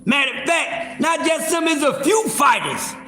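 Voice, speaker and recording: A man hosting a casual boxing livestream, talking loudly with lots of profanity and restarts. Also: very high-pitched, normal speed, roomy sound, a little hiss or hum. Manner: loud, profane, animated, with repeated fillers and restarts.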